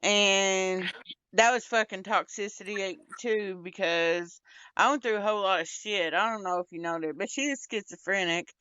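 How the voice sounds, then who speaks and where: A woman's voice: mid-range voice, moderate pace, pushed and bright, smooth, no room sound, dull audio. A young woman in casual, candid chat, blunt and rambling, swearing a lot. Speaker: podcast co-host.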